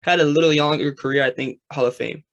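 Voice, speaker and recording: Bright-voiced young male show host. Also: fairly high pitch, steady tone, fast, highs cut off. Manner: chatty, rambling with many fillers. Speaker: sports talk show host. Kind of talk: casual interview chat.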